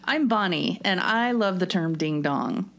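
A woman co-hosting a podcast in relaxed, casual chat. Her voice moves up and down a lot, and she speaks at an unhurried pace. She giggles and gets animated when she tells a story. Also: fairly low pitch. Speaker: podcast co-host.

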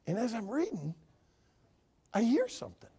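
A man in his sixties preaching a sermon, telling a story and swinging from hushed to shouting. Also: very high voice, wildly swooping pitch, moderate pace, gravelly, husky. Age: 60s.

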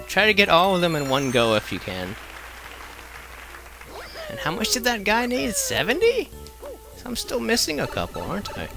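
A man's voice: on the high side, huge pitch swings, unhurried, long pauses. A man casually commenting as he plays a video game, goofy and playful, with sing-song repetitions. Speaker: let's play commentator. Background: game music.

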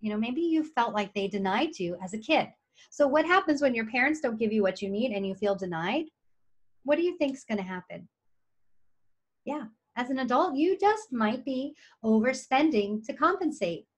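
A middle-aged woman, an occupational therapist, giving an animated, chatty coaching talk to camera and acting out her clients' inner voices. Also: on the high side, moderate pace, breathy edge.

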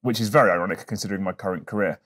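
A man hosting a podcast, telling stories in an animated, casual way and swearing freely. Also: low voice, rapid-fire. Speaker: podcast host. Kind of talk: casual chat.

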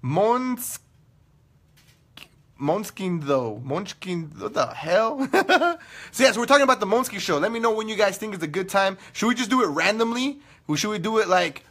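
Young socal guy hosting his online radio show, bright high voice, loud, cussing, cracking jokes. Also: expressive, quick pace. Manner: loud, profane, joking, laughs often. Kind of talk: casual live-stream chat with viewers.

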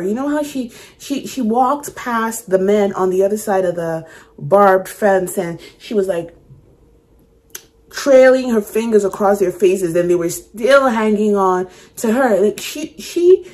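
A woman's voice: mid-range voice, darkish tone. A woman chatting casually as she reacts to a song, restarting her sentences and humming riffs aloud. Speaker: music reaction YouTuber. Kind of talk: casual first-listen reaction chat.

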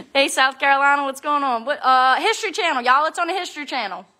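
Giggly high bright-voiced young woman. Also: fairly quick. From Louisiana. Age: young adult. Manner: giggly, chatty, reads out fan comments. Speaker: reality show personality. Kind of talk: casual livestream chat with fans. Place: at home with family. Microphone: phone livestream.

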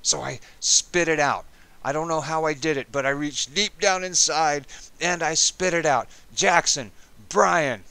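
A man in his fifties, an Army veteran, telling a personal story in a casual, animated and profane way. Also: fairly high pitch, normal speed, clean tone, no echo. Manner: animated, profane, dramatic retelling.

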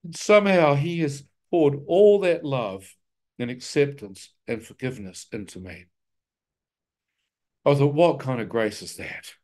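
A man of middle pitch recounting his own story before a congregation. He tells it with animation and wry, self-deprecating jokes, acting out his own thoughts as he goes. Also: measured pace. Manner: vivid, animated storytelling with self-mocking humor. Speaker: guest speaker sharing his testimony. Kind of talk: testimony told to a live church audience.

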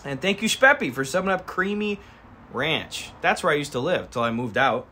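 A young man streaming from his garage, casually pitching a comedy sketch and acting out both sides of the scene. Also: slight background noise. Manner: animated, acts out both sides of the scene in quick voices.

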